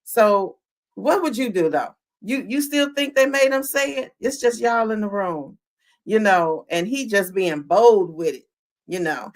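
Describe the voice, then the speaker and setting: A woman with a mid-range voice and measured pace hosts a live-streamed podcast recapping a show. She animatedly replays scenes, acts out lines, and asks her chat questions as she talks to them.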